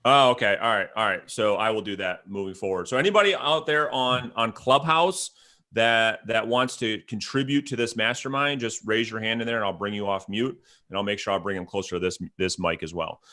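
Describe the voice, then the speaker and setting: A man with a bright, forward voice leads a live online mastermind session. He coaches with earnest, persuasive emphasis and keeps pressing his point. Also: on the low side, fairly quick. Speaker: host. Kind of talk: live audio-room mastermind talk. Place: live online audio room.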